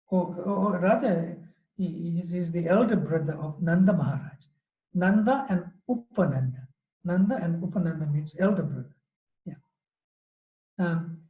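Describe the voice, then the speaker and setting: High-voiced man telling a sacred story. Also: dark tone, echoey room, muffled recording. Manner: halting, many restarts and fillers. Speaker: monk giving a scripture class. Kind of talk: storytelling lecture.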